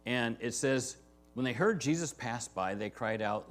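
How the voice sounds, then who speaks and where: Lively conversational male pastor. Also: medium pitch, a little slow. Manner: conversational, often asks "right?" to the congregation. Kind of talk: verse-by-verse sermon. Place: church sanctuary.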